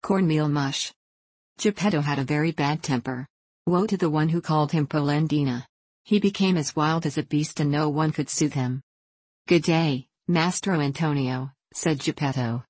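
A woman narrating a classic children's storybook in a measured, plain manner. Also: low voice, darkish tone, no echo. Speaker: audiobook narrator. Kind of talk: storybook reading.

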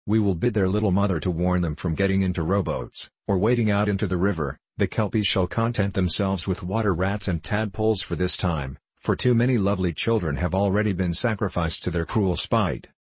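A man's voice: low-pitched, a little fast, few pauses, husky, no echo. A man reading as a gracious fairy queen. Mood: gentle. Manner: regal and gentle. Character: gracious, kindly fairy queen, adult woman. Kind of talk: storybook reading.

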